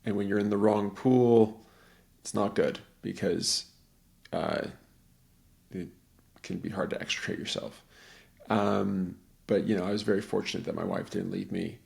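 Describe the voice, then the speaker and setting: A man's voice: low voice, steady tone, unhurried, creaky, pauses often, a little mellow. A middle-aged man in casual conversation, telling a rambling story and acting out the voices of the people in it.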